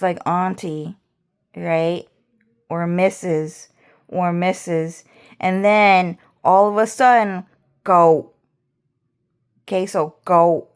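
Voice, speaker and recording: A woman's voice: lowish voice, clean tone. A woman vlogger ranting casually, rambling and swearing as she repeats herself. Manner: rambling, profane, repetitive.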